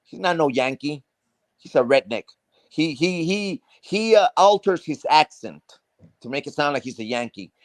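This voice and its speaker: A man's voice: fairly high pitch, animated, normal speed, no echo. A man from South Texas, ranting on a live stream with heavy profanity, restarting phrases and hammering each point. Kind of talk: heated casual rant.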